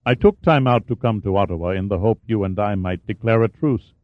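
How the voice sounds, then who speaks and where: A cool, aloof male politician, read by a man in an audiobook, speaks low and smooth with never a crack in his poise. The voice sits deep and the sound is dry and a little dull. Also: brisk, no room sound, close to an everyday voice.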